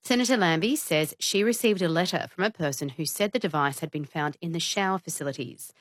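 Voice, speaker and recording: Low-voiced woman reporting news. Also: dry recording, clean studio sound. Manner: measured, formal.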